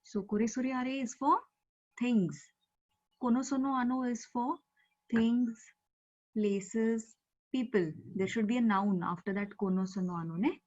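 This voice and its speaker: A woman's voice: on the high side, measured pace, darkish tone. A woman teaching an online language class, explaining patiently with many fillers over a video call. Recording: dull, muffled video-call audio.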